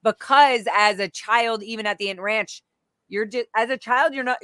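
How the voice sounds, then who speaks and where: A woman's voice: a little high, moderate pace, smooth, dry recording, studio quality. A woman guest telling candid stories in conversation, swearing freely and acting out other people's voices. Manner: animated, profane, acts out quoted voices.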